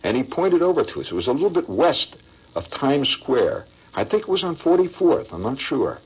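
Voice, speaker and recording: Gravelly older man telling a story. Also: lowish voice, muffled recording. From Indiana. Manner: rambling, hesitant, with restarts. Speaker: veteran recounting a memory. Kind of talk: personal storytelling.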